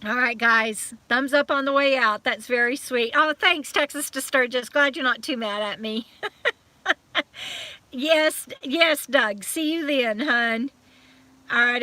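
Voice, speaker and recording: A woman hosting a live stream chat, warmly thanking viewers by name and trailing off with fillers as she signs off, still a little emotional from crying. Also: a little high, no room sound. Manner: chatty and affectionate, reading out viewer comments with many fillers.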